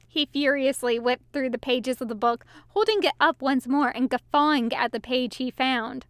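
Woman reader for fan fiction audiobook, high smooth voice, expressive. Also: moderate pace, few pauses, no room sound, clean studio sound. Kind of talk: reading fan fiction aloud.

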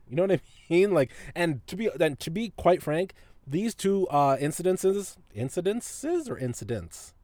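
A man's voice: on the high side, no room sound. Guy on his podcast telling a work story, cussing a lot, laughing, voice all over the place, dry room. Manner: profane, laughs often, animated retelling. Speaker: podcast host. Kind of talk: casual storytelling monologue.

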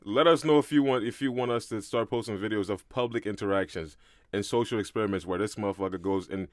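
A young man from Brooklyn, co-hosting a podcast in slangy, animated casual chat. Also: on the low side, no echo, clean studio sound. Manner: fast, slangy, animated storytelling. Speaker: podcast co-host.

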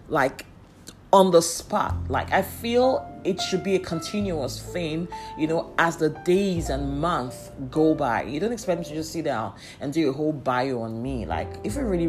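A young woman telling a story in a sassy, chatty way and laughing often. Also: sits low. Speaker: vlogger. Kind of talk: casual storytelling. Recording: faint music underneath.

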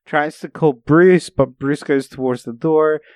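A man's voice: fairly high pitch, steady tone, measured pace, darkish tone, smooth, dry recording, studio quality. A young man co-hosting a casual film chat, rambling and hesitant as he recaps scenes. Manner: rambling, hesitant, lots of fillers. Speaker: podcast co-host.

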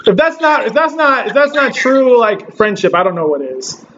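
A man's voice: very high-pitched, big pitch swings, normal speed, a bit bright, lo-fi sound, slight background noise. A man from Southern California hosting a casual podcast chat, telling stories animatedly, acting out quotes and laughing often. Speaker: podcast host.

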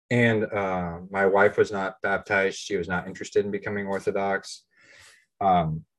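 An American man in his thirties, co-hosting a podcast and telling his own story in a candid, self-deprecating, plain-spoken way. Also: on the low side. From United States. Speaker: podcast co-host. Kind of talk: casual personal storytelling.

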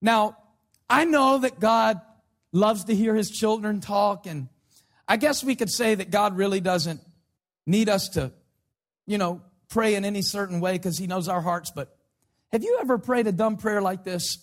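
A male pastor with a high-pitched voice delivers a sermon in a loose, conversational way. His tone leans sarcastic as he pokes fun at common prayer habits. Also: a little slow. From United States.

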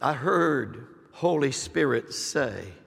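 Male senior pastor, middle-aged, live sermon; lively pitch that swings widely, repeated declarations, church hall echo. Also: slow, creaky, husky. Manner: emphatic preaching with repeated phrases and rising declarations. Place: large church sanctuary. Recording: live recording with long hall reverb.

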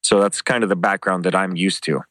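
Lower-voiced man telling animated stories. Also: a little fast, dry recording. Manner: animated, acts out quoted dialogue with pitch jumps; casual, swears freely. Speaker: interview guest, former MMA show host. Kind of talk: casual anecdotal storytelling.

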